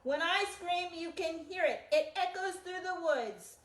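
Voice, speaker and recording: A woman's voice: extremely high pitch, measured pace, voice pushed up. A woman voicing a boastful male bobcat in a children's picture book, raising her voice and talking emphatically. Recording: echoey room.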